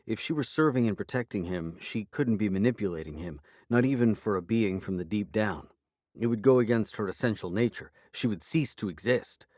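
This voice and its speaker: A male narrator with a fairly low voice reads a first-person fantasy story. His delivery is even and dry, recorded close with no room sound. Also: fairly quick, no echo. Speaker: audiobook narrator.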